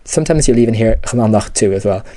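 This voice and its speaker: A man gives a step-by-step grammar lesson, patient and repetitive, dropping "you know" and "okay" as he goes. His voice is low-pitched and mellow. The recording is dry and close, with no room sound. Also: quick pace, dry recording. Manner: patient, repeats key terms, many fillers like "you know" and "okay". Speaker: language teacher. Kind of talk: explanatory lesson.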